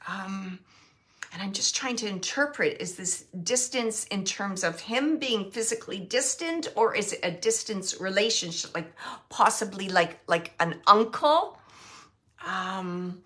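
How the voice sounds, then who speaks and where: A woman working as a psychic medium, relaying messages in a halting way, repeating herself and dropping into whispered asides. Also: medium pitch, expressive, a bit bright. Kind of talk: live spirit reading.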